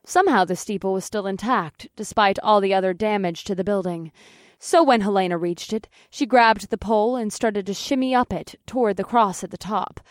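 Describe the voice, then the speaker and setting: A woman's voice: medium pitch, moderate pace, dry recording, clean studio sound. Matter-of-fact woman narrating an audiobook. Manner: steady, matter-of-fact, with casual swearing. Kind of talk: first-person scripted narration.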